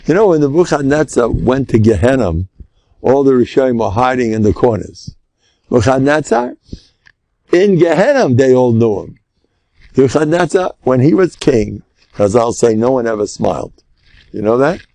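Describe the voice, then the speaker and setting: An older man, a rabbi, teaching a lesson through lively storytelling, with Hebrew and Yiddish words mixed in. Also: mid-range voice, moderate pace, gravelly, no room sound.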